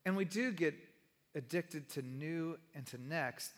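A pastor with a high, bright voice preaches a sermon a little slowly, speaking conversationally and asking the congregation questions. He's in a large church sanctuary, and the recording carries the long reverb of the hall.

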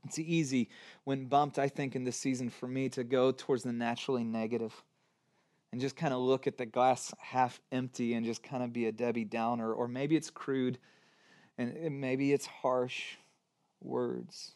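A man in his thirties preaching a sermon, chatty and informal, swinging from loud stress to quiet, hushed lines. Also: medium pitch, flat delivery, moderate pace. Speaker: pastor.

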